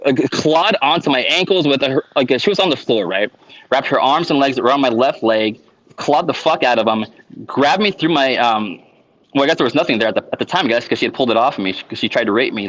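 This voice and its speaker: A man in an unscripted personal monologue. He talks in a halting way, restarting his sentences and filling gaps with small words as he goes. His pitch sits in an ordinary middle range for a man. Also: fairly bright tone, poor audio. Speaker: vlogger.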